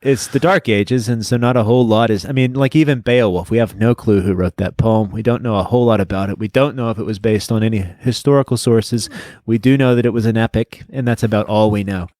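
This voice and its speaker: A man's voice: fairly low pitch, steady tone, brisk, few pauses, a little mellow, dry recording. A man co-hosting a casual book podcast, rambling and stopping to search for names as he talks. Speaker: podcast co-host. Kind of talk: casual chat.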